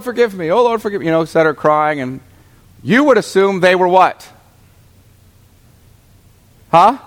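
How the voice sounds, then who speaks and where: A man's voice: on the high side, a bit bright. Man teaching scripture in a big echoing hall. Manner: conversational, asks the class questions, restarts often. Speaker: pastor teaching a Bible class. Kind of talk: Bible teaching lecture.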